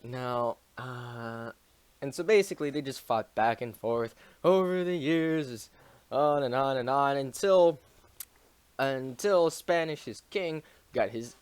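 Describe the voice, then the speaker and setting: A man's voice: mid-range voice, no echo. A man casually summarizing a history chapter on a stream, joking and swearing constantly with mumbled asides.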